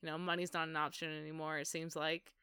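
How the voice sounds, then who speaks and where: A woman co-hosting a podcast, chatting about a TV show in an animated, jokey, enthusiastic way. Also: low-pitched, quick pace, clean tone, dry recording, clean studio sound. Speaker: podcast co-host. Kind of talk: casual chat about a TV show.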